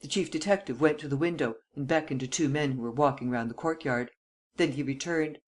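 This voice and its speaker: An audiobook narrator reading a classic mystery novel in a measured, even way. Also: mid-range voice.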